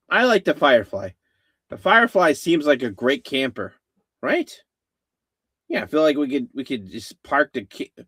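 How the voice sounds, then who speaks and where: A man's voice: on the high side, fairly bright tone, no echo, studio quality. A man hosting a casual live-stream chat, rambling with many fillers and restarts. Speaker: host.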